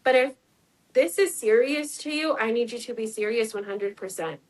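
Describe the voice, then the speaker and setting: A woman's voice: a little high, moderate pace, rough recording. A woman in her twenties, an interview guest, telling a personal story in a chatty way, acting out what people said and using lots of fillers. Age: 20s. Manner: chatty, acts out quoted dialogue, many "like" fillers.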